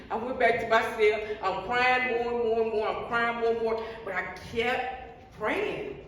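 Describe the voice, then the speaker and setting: A woman's voice: on the high side, steady tone, measured pace. A middle-aged woman giving an earnest personal testimony, telling her story with repeated words and frequent restarts. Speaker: guest sharing life story. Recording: echoey hall, distant mic, faint noise.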